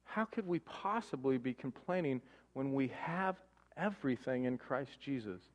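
A man preaching a sermon as pastor, animated, firing off rhetorical questions and mimicking grumbling voices for laughs. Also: medium pitch. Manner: animated, rhetorical questions, mock-complaining voices for comic effect. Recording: long hall reverb.

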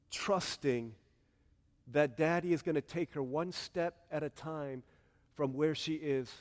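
A man preaching a sermon as pastor, telling stories animatedly and swinging between hushed, tender passages and excited outbursts. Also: medium pitch.

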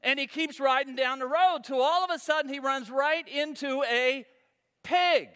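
A man's voice: very high-pitched, normal speed, fairly bright tone, in a large hall. A man preaching a sermon as pastor, talking in a conversational, folksy storytelling way.

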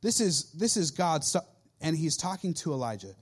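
A man in his thirties, a youth pastor preaching a sermon in an animated way and acting out quoted voices. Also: on the high side, moderate pace.

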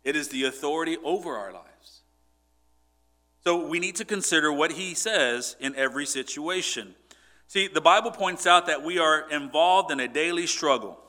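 A man's voice: a little high, normal speed, pushed and bright. A man preaching a sermon and telling a personal story in a conversational way, with frequent restarts and repeated words.

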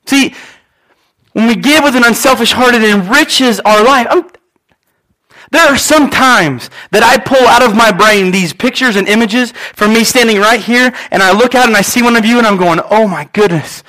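A man's voice: extremely high pitch, moderate pace, sharp tone. A male pastor preaching a sermon in an earnest way, repeating his phrases and voicing prayers aloud.

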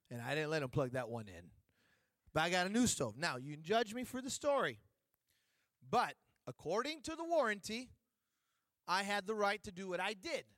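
Man, high voice, preacher, animated storytelling, teasing the congregation, dry close sound. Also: no echo. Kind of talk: storytelling sermon. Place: church.

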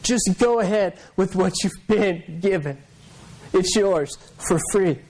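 High-voiced pastor preaching conversationally. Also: male voice, slow, low-quality recording. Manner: storytelling, conversational, repeats words when excited. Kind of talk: sermon.

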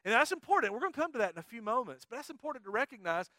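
Fired-up high-voiced male pastor. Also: rapid-fire, dry recording, clean studio sound. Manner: energetic, playful, coaxes the congregation to join in. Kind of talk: sermon. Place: church sanctuary.

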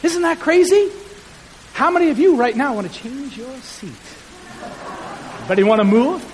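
In a church sanctuary, a male pastor with a high voice preaches a sermon at a moderate pace, animated and conversational and poking fun at himself. A long hall reverb rings around his voice, with a faint hiss underneath.

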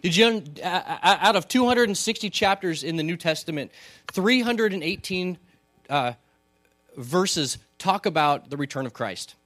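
This pastor preaches at a normal speed in a church hall, his fairly high voice easygoing and chatty as he repeatedly asks the congregation questions. The recording is dry and close, with faint music in the background and little room echo.

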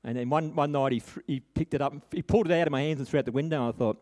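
A man's voice: a little high, very fast, hardly any pauses, a little mellow. A middle-aged man preaching a sermon, telling a personal story in an earnest, conversational way with frequent restarts and tag questions.

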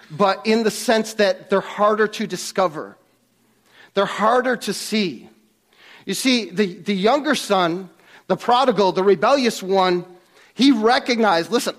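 Emphatic high-voiced male preacher. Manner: emphatic, rising on key points, with restarts. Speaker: pastor. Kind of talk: sermon.

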